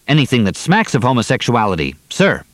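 A man reading the part of a composed young male prisoner, with clipped, formal speech slightly higher than his own voice. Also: wildly swooping pitch, a little fast, no room sound.

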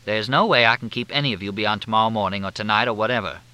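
A man reading aloud, voicing a calm, evasive middle-aged police captain. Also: lowish voice, quick pace, clean tone, dry recording.

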